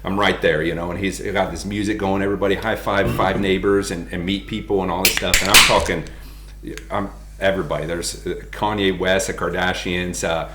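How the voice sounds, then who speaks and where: Deep-voiced guy telling stories on a podcast, gets lively, roomy echo. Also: brisk, noisy background. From United States. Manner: animated, laughs as he tells stories. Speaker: podcast guest. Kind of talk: casual storytelling.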